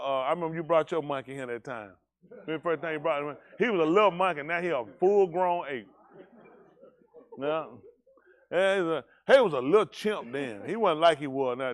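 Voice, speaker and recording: High-voiced man teasing his congregation. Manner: joking, teasing, folksy. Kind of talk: casual banter with congregation on livestream.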